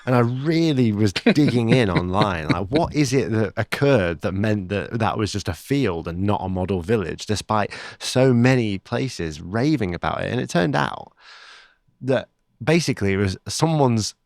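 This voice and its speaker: A man co-hosting a travel podcast, telling stories in a relaxed, chatty way. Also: lowish voice, moderate pace, no echo. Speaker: podcast co-host. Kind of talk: casual chat.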